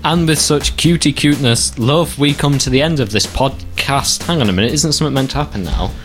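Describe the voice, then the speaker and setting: A man's voice: mid-range voice, a little fast, faint music behind. A man hosting a podcast in casual chat, playful and teasing. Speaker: podcast host.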